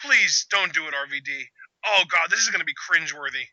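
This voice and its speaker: A man's voice: on the high side, animated, fairly quick, pushed and bright, no room sound, highs cut off. A young man hosting a live reaction chat, exclaiming, groaning and arguing with his co-host. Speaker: channel host.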